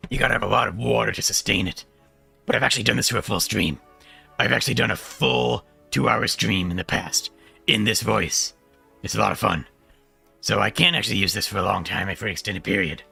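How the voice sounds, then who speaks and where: A man streaming, chatting casually about voice technique while holding a deliberately gruff, gravelly voice. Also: lowish voice, pushed and bright. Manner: talks about voice technique, loose and rambling.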